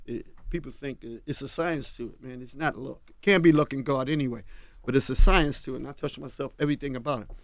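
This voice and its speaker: An older man from Harlem, unhurried and storytelling as a radio interview guest, often dropping to a low, confiding tone. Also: no echo. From Harlem, New York. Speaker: guest, fashion designer. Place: radio studio. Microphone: studio mic.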